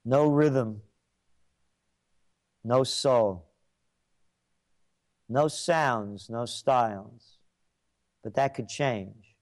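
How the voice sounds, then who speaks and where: A man's voice: medium pitch, drawn-out words, long pauses, a little mellow. An older man hosting a trends commentary show, delivering an opinionated monologue with emphatic, repetitive declarations.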